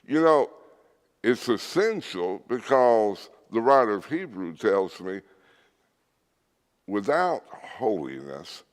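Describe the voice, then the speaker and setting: Male preacher, slow emphatic sermon delivery, animated pitch, church hall reverb. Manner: earnest, emphatic teaching with scripture readings.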